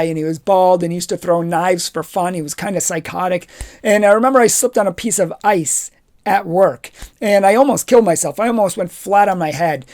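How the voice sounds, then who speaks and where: A man giving a youth retreat talk, telling personal stories with lively energy and acting out the dialogue. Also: high voice. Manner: animated storytelling, acts out dialogue. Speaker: confirmation retreat speaker.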